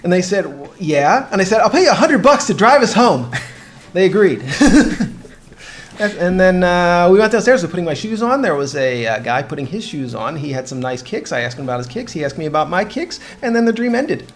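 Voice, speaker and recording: Animated young man telling a story. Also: high voice, a little fast, soft background music. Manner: animated storyteller with frequent laughs and restarts. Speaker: co-host of a game podcast. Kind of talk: casual chat, telling a dream story.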